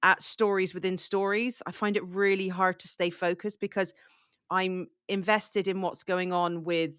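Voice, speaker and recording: A woman's voice: on the low side, flat delivery, moderate pace, fairly bright tone, clean tone, no room sound, studio quality. A woman with a cold chatting casually about a book, full of "like" and restarts. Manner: chatty, lots of likes and restarts. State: has a cold, coughing. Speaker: book discussion co-host.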